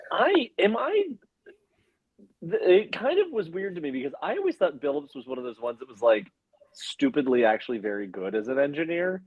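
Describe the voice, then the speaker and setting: A man's voice: on the high side, very animated, normal speed, slightly rough, dry recording, phone-quality sound. A man co-hosting a podcast in casual chat, rambling and stumbling animatedly over his words. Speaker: podcast co-host.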